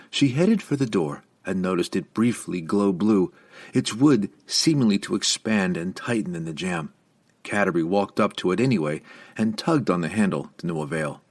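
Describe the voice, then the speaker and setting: A man reading a fantasy novel aloud as narrator, with an expressive, varied delivery. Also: deep voice, normal speed, dry recording. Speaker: audiobook narrator.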